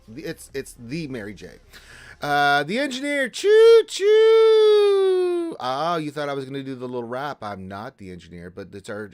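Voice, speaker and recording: Brief: male stream host, mid pitch, animated swings in tone, reads chat aloud with faint music behind. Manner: animated, greets viewers by name, jokey. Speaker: livestream host reading chat. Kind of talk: casual livestream chat.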